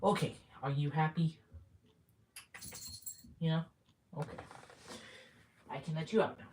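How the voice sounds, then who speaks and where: Minnesotan lady streaming from home, super low voice, slow and chatty, baby-talks her cat. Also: darkish tone, slight background noise. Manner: coos affectionately at her cat between chatty asides. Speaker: livestreamer. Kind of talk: casual livestream chat. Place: home room.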